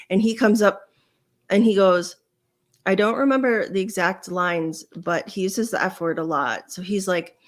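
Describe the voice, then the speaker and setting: Woman, 40s, mid pitch, podcast host, relaxed rambling storyteller. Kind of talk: casual chat.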